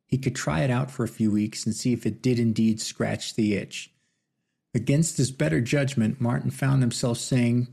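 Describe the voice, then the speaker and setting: A man narrates a novel in a steady, measured way. His voice is gravelly and husky, with a dark, mellow tone. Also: medium pitch. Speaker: audiobook narrator. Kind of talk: scripted narration.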